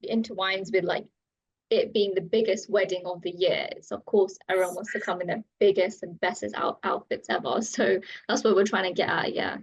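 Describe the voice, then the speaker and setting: A woman's voice: mid-range voice, fairly even intonation, a little fast, breathy edge. A woman cast member chatting casually in a podcast interview, with a lot of "like" in her speech, on a slightly dull recording.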